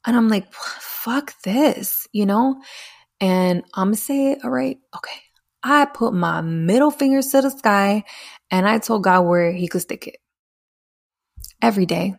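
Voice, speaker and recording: Young woman w a gravelly fry voice, blunt and swearing, telling her own story, mid pitch. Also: a little mellow. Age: young adult. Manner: blunt and profane, acts out quoted voices. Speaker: speaker sharing her story. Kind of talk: candid personal storytelling.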